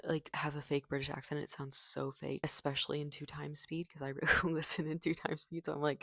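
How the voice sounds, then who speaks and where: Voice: mid-range voice, level tone, fairly quick, creaky, few pauses, fairly bright tone, dry recording, clean studio sound. A young adult book reviewer in a casual vlog who gushes and rambles and says "like" a lot. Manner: gushing, rambling, heavy use of "like".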